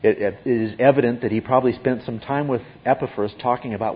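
A man's voice: medium pitch, fairly even intonation, fast, slightly rough, highs cut off. A man giving an expository Bible teaching, emphatic and often checking in with his listeners.

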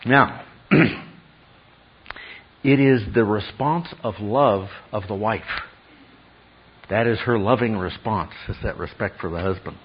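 Husky-voiced man preaching emphatically. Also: on the low side, takes it slowly, pauses often, lo-fi sound. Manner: emphatic, with acted quotes and frequent "okay?". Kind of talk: sermon.

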